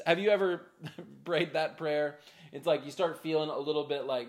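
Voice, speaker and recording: High-voiced man preaching casually. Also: normal speed. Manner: conversational preaching with many "like"s and laughs; acts out Moses' excuses in a raised voice. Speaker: pastor. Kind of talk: sermon.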